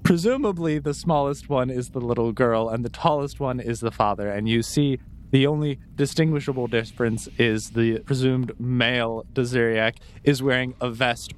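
A man's voice: medium pitch, moderate pace, clear, resonant tone. A man narrating a tabletop game as game master, casual with many fillers.

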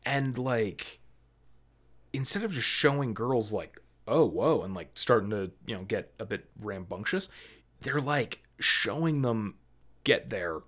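Unhurried and animated, this man co-hosts a movie review podcast in a lowish, fairly bright voice. His talk is loose and rambling, packed with fillers like "like" and "um," and he frequently restarts sentences.

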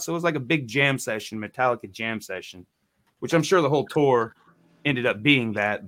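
A man in his forties telling a rambling, profane story in a casual podcast chat. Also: medium pitch. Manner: rambling, profane, animated quoting. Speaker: podcast co-host.

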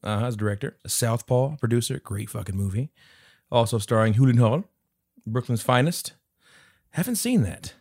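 A man's voice: medium pitch, expressive, normal speed, a little mellow, slightly rough, no echo, studio quality. A man co-hosting a podcast, chatting casually about a film and joking about his own slip-ups. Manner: joking, laughs at own slips. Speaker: podcast co-host. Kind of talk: casual movie review chat.

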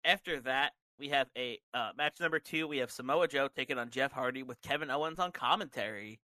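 A podcast co-host recaps a wrestling show in casual chat, narrating events step by step with fillers. His mid-range voice is fairly quick, pushed and bright, on a dry, low-quality recording.

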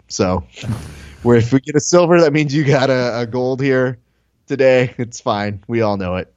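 A man co-hosting a casual podcast, telling animated stories, swearing and acting out what people said. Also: medium pitch, moderate pace, dull audio. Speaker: podcast co-host.

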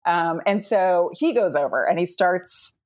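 A woman's voice: fairly low pitch, measured pace, darkish tone. A woman from New York, a comedy podcast guest, telling a casual anecdote over a remote call, chatty and laughing often between phrases. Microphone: remote video call.

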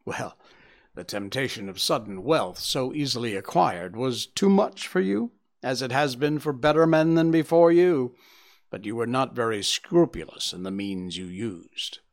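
A man voicing a confident, sharp-witted gentleman detective in a storybook reading. He speaks briskly and with authority, with a lively, rising and falling delivery and a touch of mockery. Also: mid-range voice. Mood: commanding. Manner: brisk, cheerfully commanding, lightly mocking. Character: sharp, self-assured gentleman detective, middle-aged man. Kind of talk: audiobook character reading.

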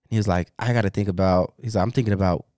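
A man in his thirties co-hosting a podcast, telling stories in a relaxed, casual way and often breaking into laughter. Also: low-pitched, very fast, no echo, studio quality. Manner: laid-back storytelling, bursts of laughter. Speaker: podcast co-host. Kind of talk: casual chat.

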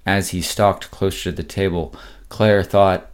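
A man narrating a mystery story in a measured, dramatic storytelling delivery. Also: low-pitched, flat delivery, smooth. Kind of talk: scripted audiobook narration.

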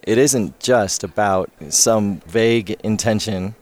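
A man co-hosts a business radio show and keeps the conversation going with thoughtful questions. His voice is on the lower side. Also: takes it slowly, a little mellow. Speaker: podcast co-host.

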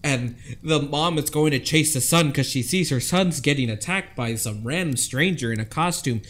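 A man in loose, joking podcast banter, walking through a movie's story. His voice sits a little high. He keeps the tone light and playful. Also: normal speed, a bit bright. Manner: playful, laughs often, slips into squeaky joke voices. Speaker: podcast co-host. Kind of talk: casual movie review chat.

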